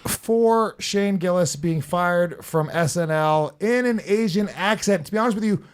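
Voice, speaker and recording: A man's voice: sits high, unhurried, clean tone. A man hosting a comedy podcast debate, joking around while running the clock and the rounds. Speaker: host and moderator. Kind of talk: casual comedy podcast chat.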